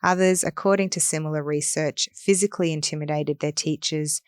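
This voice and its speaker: A woman's voice: low voice, fairly even intonation, a little fast, clean tone, dry recording, clean studio sound. A woman co-hosting a podcast, reading research aloud from notes in a casual discussion and pressing her point earnestly. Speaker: podcast co-host.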